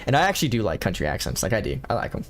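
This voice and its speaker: A man's voice: on the low side, wildly swooping pitch, very fast, a little hiss or hum. A young American man streaming a horror game, chatting loosely with viewers and reading game text aloud. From United States. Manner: swearing, joking with chat, drawling.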